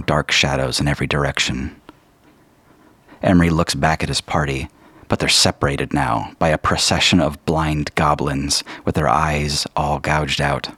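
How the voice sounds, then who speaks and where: A man narrating a tabletop game as game master in a measured, descriptive way, with a husky voice. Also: extremely low pitch, fairly bright tone, no room sound.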